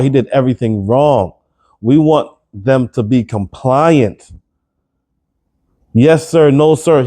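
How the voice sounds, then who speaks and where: Emphatic man with a mellow voice. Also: on the high side. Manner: emphatic, incredulous rhetorical questions. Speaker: commentary vlogger. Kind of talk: opinion commentary to camera.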